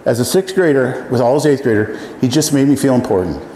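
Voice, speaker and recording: A man in his seventies, from Iowa, telling folksy personal stories to an audience, often pausing with "uh.". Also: medium pitch, lively intonation, warm tone. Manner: folksy, halting with many fillers. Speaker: speaker. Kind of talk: storytelling talk to an audience. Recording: echoey hall, faint room noise.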